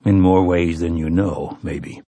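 A man doing a grim, low gunslinger. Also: fairly even intonation, unhurried, dark tone, no echo. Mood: stern. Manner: low, clipped and stern. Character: grim, terse male gunslinger leader.

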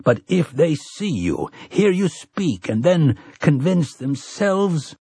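A man voicing an earnest middle-aged priest who talks quickly and a little pleadingly. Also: on the high side, sing-song, dark tone, breathy edge, dry recording, studio quality, pitched above the performer's own voice, exaggerated voice.

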